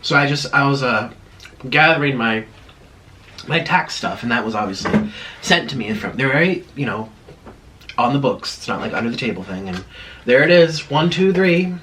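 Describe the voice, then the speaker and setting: A man's voice: mid-range voice, lively intonation, normal speed, long pauses, a bit bright, slight background noise. Chatty man rambling over a meal. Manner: chatty, rambling, laughs at himself. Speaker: mukbang vlogger. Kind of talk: casual chat while eating.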